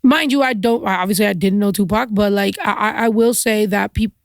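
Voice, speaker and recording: A woman from Mexico, a podcast guest, chatting in a frank, animated way with casual swearing. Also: medium pitch, brisk, creaky, no room sound, studio quality. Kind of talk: casual chat.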